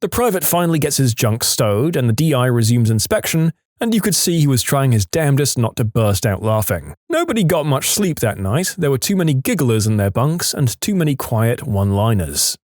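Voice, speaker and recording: A man narrating reader-submitted stories in a lively scripted storytelling manner. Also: medium pitch, dry recording, clean studio sound.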